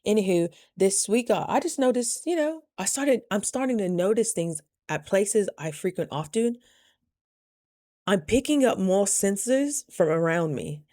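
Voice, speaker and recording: A woman in her thirties telling a story in a chatty, animated way, acting out her own quotes in a higher voice. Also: measured pace, dry recording, clean studio sound. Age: 30s. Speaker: vlogger. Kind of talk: casual storytelling. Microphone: studio mic.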